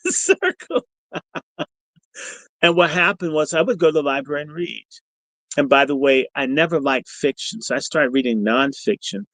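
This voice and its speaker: A man's voice: medium pitch, no echo, poor audio. A middle-aged man hosting a podcast, telling a story in a provocative, profane, combative way. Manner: animated storyteller. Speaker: podcast host. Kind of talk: storytelling monologue on a livestream.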